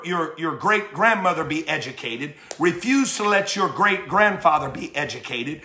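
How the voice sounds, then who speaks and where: A bishop preaches an impassioned sermon in a church, his high, bright voice forceful and fervent. He stumbles over repeated words and fires off rhetorical questions, and the sanctuary gives the recording a strong echo.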